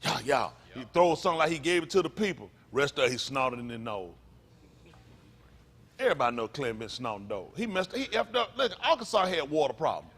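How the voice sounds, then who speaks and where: A male pastor delivers a fiery, slang-filled sermon to his congregation, hurling rhetorical questions at the room. His voice swings from low mutters to sudden loud bursts, very animated and brisk with a slight roughness.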